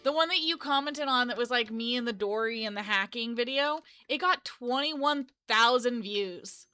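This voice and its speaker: A woman's voice: on the high side, moderate pace, bright, forceful tone, clean tone, no room sound, soft background music. A woman in her twenties chatting casually on a live stream, rambling and correcting herself as she goes. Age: 20s. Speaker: live streamer and game developer.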